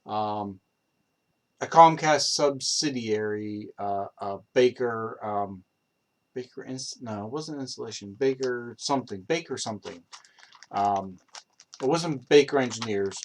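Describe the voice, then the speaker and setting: A man's voice: fairly low pitch, slow. Rambling man telling a story. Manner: rambling, many fillers and restarts, swearing. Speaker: improv storyteller. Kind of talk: casual rambling anecdote.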